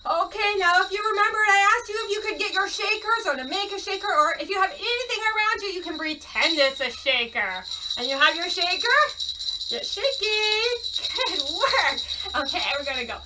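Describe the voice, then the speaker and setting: A woman's voice: extremely high pitch, lively intonation, brisk, far from the mic, over loud music. A young woman leading a children's storytime at home, singing and praising in a cheerful sing-song way, recorded a little away from the mic. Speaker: children's librarian. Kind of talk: storytime songs and rhymes for toddlers.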